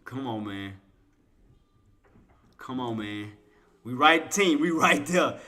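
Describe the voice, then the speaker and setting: A man streaming live trading commentary, coaxing and trash-talking the chart, shifting between low muttering and loud playful outbursts. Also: lively intonation, a little slow, pauses often. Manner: coaxes and taunts the price chart, swinging from muttering to loud outbursts; playful trash talk with laughter.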